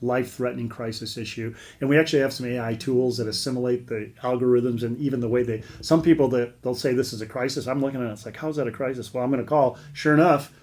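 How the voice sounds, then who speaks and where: A man's voice: medium pitch, steady tone, fast, hardly any pauses, a little mellow. Veteran charity leader, middle-aged man, casual interview guest, earnest and rambling with repeated words.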